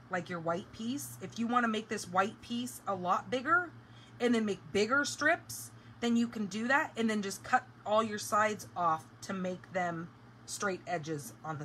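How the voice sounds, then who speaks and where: A woman's voice: fairly high pitch, bright, forceful tone, a little hiss or hum, rough recording. A woman hosting a live craft tutorial, chatting casually and explaining each step as she works. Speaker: craft demonstrator.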